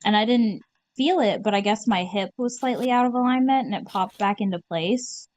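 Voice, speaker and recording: A woman's voice: mid-range voice, normal speed, lo-fi sound. A woman telling stories in casual chat, swearing freely and acting out what people said. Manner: animated storyteller, swears, acts out quotes.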